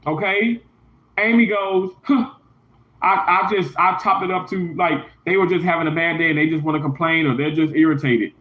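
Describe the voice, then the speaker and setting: A man's voice: on the high side, steady tone, fairly quick. A man livestreaming from a hotel room, venting in an emphatic, repetitive, indignant way. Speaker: YouTuber livestreaming. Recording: roomy, dull lo-fi sound.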